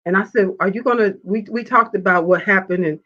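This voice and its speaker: A woman hosting a live faith talk show, reading viewer comments and telling a personal story in an animated way. She laughs often and acts out the voices of the people she quotes. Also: mid-range voice, fairly quick. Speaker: show host. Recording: dull lo-fi sound.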